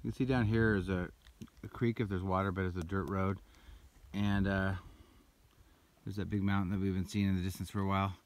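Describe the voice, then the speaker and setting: Brisk and level, a man's low voice narrates a casual trail vlog on a mountain, shot on a handheld camera as he walks. He rambles along, sounds breathy while climbing, and shows where the route goes.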